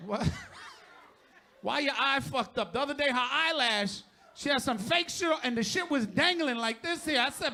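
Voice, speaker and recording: A middle-aged man works a stand-up set into a handheld mic, his voice pitched very high and swinging all over the place. He swears freely and shouts his punchlines in a bright, forceful tone. Faint noise sits behind him. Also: lively intonation, moderate pace. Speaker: stand-up comedian.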